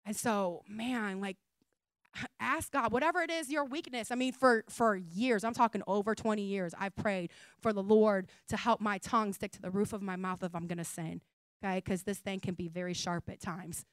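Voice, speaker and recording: A woman pastor preaching a sermon in a conversational style, rising to emphatic calls and then dropping to soft asides. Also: mid-range voice, moderate pace, dry recording. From United States.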